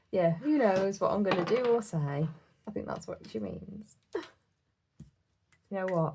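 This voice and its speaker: A woman's voice: medium pitch, animated, slow pace, long pauses, background noise. A woman with a British accent chatting casually as a budgeting vlogger, giggling often and counting numbers aloud to herself. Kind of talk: casual chat while cash stuffing.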